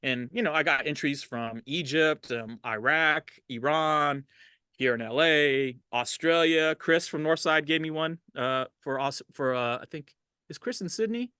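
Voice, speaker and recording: A man's voice: on the high side, unhurried, bright, forceful tone, clear, resonant tone, no room sound, studio quality. A middle-aged man, a DJ, telling stories in a casual interview, laid-back and laughing often, livening up when he quotes people. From Los Angeles. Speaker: DJ, interview guest.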